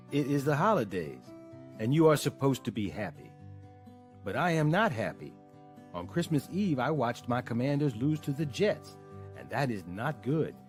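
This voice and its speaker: A man voicing a glum, bitter cartoon football fan who complains in stiff, flat wording. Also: medium pitch, close to an everyday voice. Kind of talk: cartoon voice acting.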